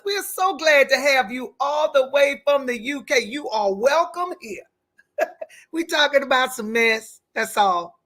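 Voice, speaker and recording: A woman hosts a live stream in a bright, forward voice. She recaps gossip in a casual, chatty way and greets viewers as they join. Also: medium pitch, lively intonation, a little slow. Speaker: livestream host. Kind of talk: casual commentary.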